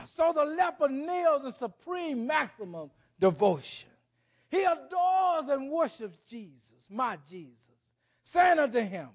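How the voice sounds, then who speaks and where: A man preaches a sermon in an unusually high, husky voice, swinging between loud and soft. He speaks slowly and deliberately, and his pitch rises and falls widely. The recording sounds dull and lo-fi. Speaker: pastor.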